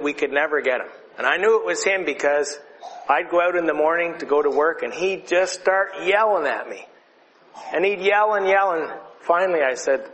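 A man telling a lively story to a group of children in a conversational way, showing objects as he goes. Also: a little high. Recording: reverberant hall, faint noise.

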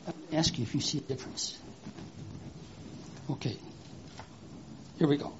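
A preacher giving a children's sermon with an object lesson, speaking in an animated, exclamatory way and asking the children questions. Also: medium pitch, moderate pace, dull audio, noisy background.

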